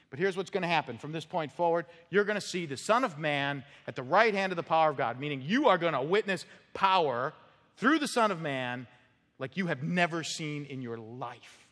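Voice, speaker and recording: A male pastor preaching an expository sermon, emphatic, with rhetorical "right?" checks and sudden drops to a quiet voice. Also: fairly high pitch. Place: church sanctuary. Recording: reverberant hall sound.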